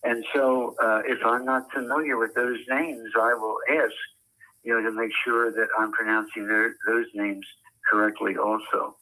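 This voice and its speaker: An older man who works as a ballpark public address announcer, speaking as an interview guest with precise enunciation and frequent "uh" pauses. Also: medium pitch, level tone, pushed and bright, rough recording.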